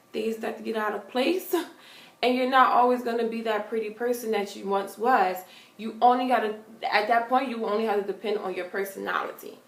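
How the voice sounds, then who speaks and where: A woman's voice: a little high, vocal fry. Earnest young woman vlogging in an echoey room. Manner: earnest, big-sisterly, animated when telling stories. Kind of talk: casual advice vlog.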